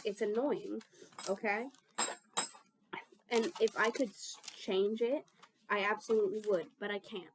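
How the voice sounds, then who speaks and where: A woman's voice: medium pitch, background noise. A young woman chatting casually while she bakes in her kitchen, rambling and mocking herself, swearing freely. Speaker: baking vlogger.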